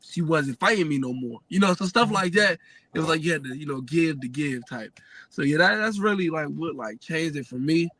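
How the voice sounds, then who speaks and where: A young adult man telling a family story in a casual, animated way, full of fillers. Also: a little high, a little fast, dry recording. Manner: lively, animated retelling with many fillers. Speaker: guest sharing family story.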